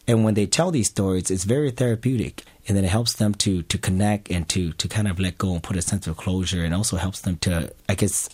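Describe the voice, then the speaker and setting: A man with a deep, low voice tells a personal family story to an audience. His delivery is earnest and halting, full of small restarts. The sound is close and dry. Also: a little mellow, slightly rough, no room sound.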